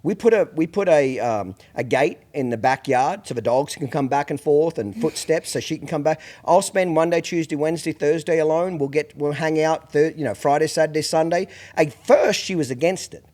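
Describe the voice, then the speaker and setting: Middle-aged man, podcast host, blunt and profane, casual storytelling, slightly high voice. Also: normal speed, hardly any pauses, a little mellow. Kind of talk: casual chat.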